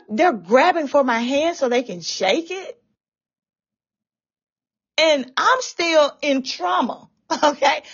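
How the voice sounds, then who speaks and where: A believer gives a fervent religious testimony about a dream, often tearful and repeating herself. Her voice is high-pitched and a bit bright, and the recording sounds dull and lo-fi.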